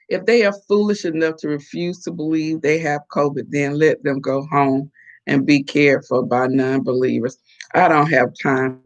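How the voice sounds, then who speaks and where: A middle-aged woman hosting a casual live chat, animated and chatty as she reacts to viewer comments. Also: deep voice, measured pace. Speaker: host.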